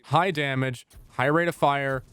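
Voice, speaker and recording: A man's voice: mid-range voice, steady tone, unhurried, fairly bright tone, clear, resonant tone. A young man reading a scripted game guide with dry, jokey asides. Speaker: gaming YouTuber.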